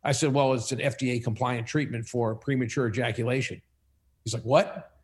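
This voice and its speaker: A man's voice: mid-range voice, brisk, a little hiss or hum. A man, a company CEO, telling stories as a podcast guest and acting out the dialogue in them. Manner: animated, acts out dialogue in stories. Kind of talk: casual storytelling interview.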